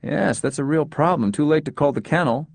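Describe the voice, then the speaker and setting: A man's voice: on the high side, gravelly, dry recording, pitched above the performer's own voice. A man reading the part of a proud, tough older husband who talks pleasantly but a little stiffly. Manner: brisk, pleasant, a touch stiff.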